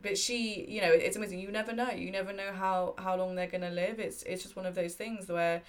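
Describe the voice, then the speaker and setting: A woman's voice: medium pitch, fairly even intonation, a little fast. A woman in her thirties telling personal stories in a candid, heartfelt way during a casual chat. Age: 30s.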